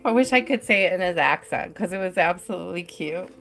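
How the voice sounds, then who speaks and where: A woman's voice: fairly low pitch, lively intonation, fast, creaky, fairly bright tone. A young adult woman hosting a live tarot stream, telling a personal story in a chatty way, laughing often and filling her talk with "like".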